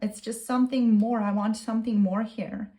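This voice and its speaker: A woman's voice: on the high side, steady tone, normal speed, warm tone. A woman tarot reader speaking a channeled message in the first person, earnest and gushing, repeating herself.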